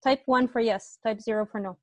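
A woman teaching Arabic grammar in an online class, chatty and quick to correct herself, often checking that the class agrees. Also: on the high side, steady tone, no echo. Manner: chatty, self-correcting, asks class to confirm.

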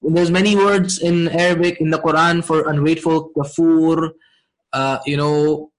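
A man teaching a Quran and Arabic lesson, checking in with his class often and reciting verses quickly. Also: on the high side, level tone, low-quality recording. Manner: asks the class frequent check-in questions, many fillers. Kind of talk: interactive online class lesson.

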